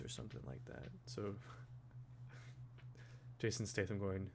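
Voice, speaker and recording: A man rambling through a casual monologue, thinking aloud and musing to himself with soft chuckles. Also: lowish voice, moderate pace, creaky, noisy background. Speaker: vlogger.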